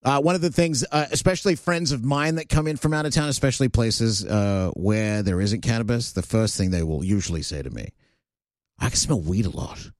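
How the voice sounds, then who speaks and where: A man's voice: medium pitch, lively intonation, fairly quick, few pauses, no echo, clean studio sound. A Canadian man hosting a talk radio show, blunt and sarcastic, ranting between filler words. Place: radio studio. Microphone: studio microphone.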